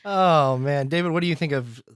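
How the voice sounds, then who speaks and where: A man co-hosting a casual film podcast, lively and laughing often. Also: fairly high pitch, normal speed, clean tone, dry recording. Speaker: podcast co-host.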